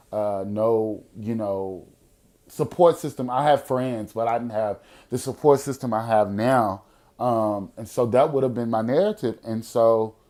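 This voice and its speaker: A man hosting a podcast, telling a story in a casual, profane way, swinging from loud outbursts to hushed moments. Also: lowish voice. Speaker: podcast host.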